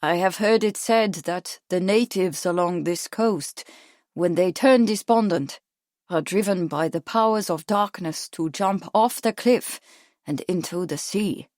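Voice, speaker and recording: A woman voicing a stiff, formal gentleman with a pronounced foreign accent. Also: high-pitched, measured pace, no echo, studio quality.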